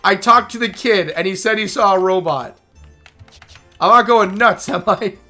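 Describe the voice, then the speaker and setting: Hoarse streamer with bright tone. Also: mid-range voice, soft background music. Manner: rambling, self-mocking, quick asides. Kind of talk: casual game livestream talk.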